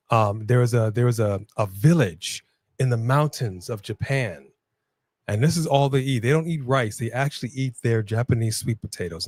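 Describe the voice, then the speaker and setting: This Los Angeles livestream co-host has a medium-pitched, darkish voice, recorded with no echo. Running a casual watch-along, he stays upbeat, calling out viewers by name and getting the chat fired up.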